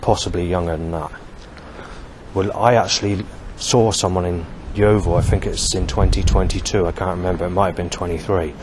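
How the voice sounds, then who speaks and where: A man, talking in a halting, rambling monologue full of fillers and restarts as he reads from his notes. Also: low-pitched, steady tone. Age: 40s. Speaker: vlogger. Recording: loud outdoor traffic noise.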